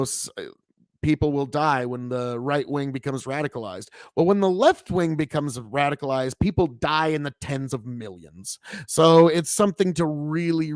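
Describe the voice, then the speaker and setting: A man's voice: medium pitch, darkish tone, no room sound, clean studio sound. A man hosting a casual political commentary stream, sarcastic and swearing, laughing at himself now and then. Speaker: streamer host.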